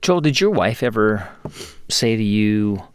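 Low-voiced male host asking probing questions. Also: expressive, a little slow, clean tone, no room sound. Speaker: podcast host. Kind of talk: interview questions.

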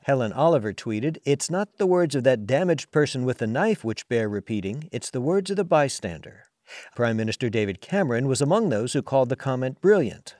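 Measured male radio correspondent. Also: medium pitch, no room sound, studio quality. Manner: measured, even newsreader delivery. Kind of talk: scripted news report.

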